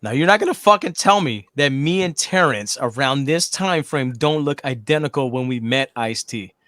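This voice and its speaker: A man's voice: mid-range voice, animated, normal speed, no room sound, clean studio sound. A man in his forties co-hosting a casual chat, telling boisterous, profane stories. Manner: loud, profane, boisterous storytelling. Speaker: co-host.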